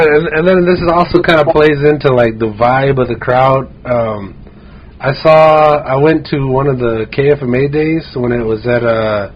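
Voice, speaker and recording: A man from Arizona, a podcast guest, telling animated stories in casual chat, swearing a lot and acting out quotes. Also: medium pitch. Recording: dull lo-fi sound with faint hiss.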